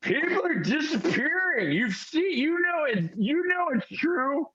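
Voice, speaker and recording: A drunk, paranoid old islander , as a game master puts him on, ranting in a high, stretched-out voice. His words come slow and slurred. The sound is a little dull. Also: very animated, bright, forceful tone, heavily acted.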